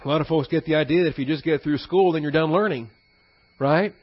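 A man's voice: fairly high pitch, quick pace, no echo, highs cut off. A man, a pastor, giving a conversational teaching sermon with frequent fillers and asides.

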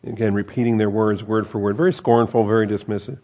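A man's voice: lowish voice, flat delivery, fairly quick, mellow. A man reading a Bible passage aloud and breaking off into conversational commentary with wry asides. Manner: reads scripture aloud then comments, wry asides and self-corrections. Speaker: Bible teacher.

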